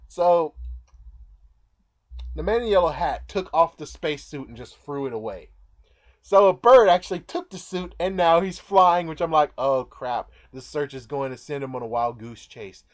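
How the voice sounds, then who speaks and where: A man casually recapping a movie in a rambling way, now and then acting out the characters' lines. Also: a little high. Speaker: movie reviewer.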